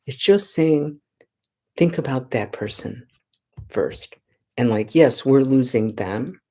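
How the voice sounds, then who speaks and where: A woman giving a Buddhist dharma talk as a nun, in an unhurried, conversational way that often checks in with her listeners. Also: very deep voice, gravelly, warm tone, slightly rough. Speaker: Buddhist nun teaching meditation.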